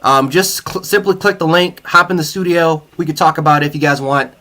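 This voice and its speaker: A man's voice: on the high side, steady tone, a little fast, pushed and bright. Heated man ranting about football. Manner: angry, profane, repeats himself. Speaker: sports livestream host. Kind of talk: heated fan reaction rant.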